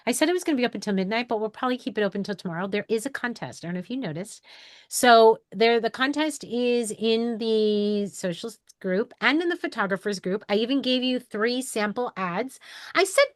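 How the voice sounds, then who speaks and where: A woman's voice: a little high, lively intonation, brisk, dry recording, clean studio sound. Candid rambling woman storyteller. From New York. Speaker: photographer and educator hosting a live call. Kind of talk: casual personal storytelling to an online group.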